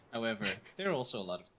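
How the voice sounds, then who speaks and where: A man with a South African accent joins a casual chat as the guest, teasing and laughing often. His voice is lively, rising and falling freely. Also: medium pitch, slight background noise.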